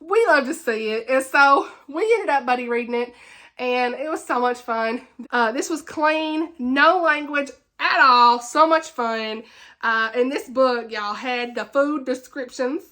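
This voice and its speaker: A woman hosting a casual book wrap-up vlog. She talks in an animated, ranting way, laughs often, and chats on with many fillers and repeated words. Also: sits high, unhurried. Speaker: book reviewer, channel host.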